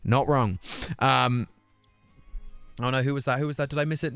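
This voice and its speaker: A man's voice: mid-range voice, a little fast, a bit bright, soft background music. A young British man chatting casually on his live stream, reading viewer comments aloud and answering them. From United Kingdom.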